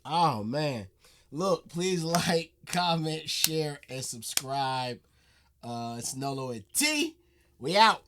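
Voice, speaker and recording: A man hosting a reaction video, chatting casually with animated exclamations. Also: mid-range voice, slow pace, a little hiss or hum.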